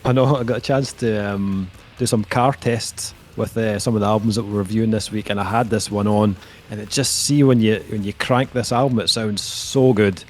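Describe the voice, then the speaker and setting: A man hosting a casual album review podcast, talking in a measured way with many ums and uhs. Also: fairly low pitch, steady tone, darkish tone, slight background noise. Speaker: podcast host.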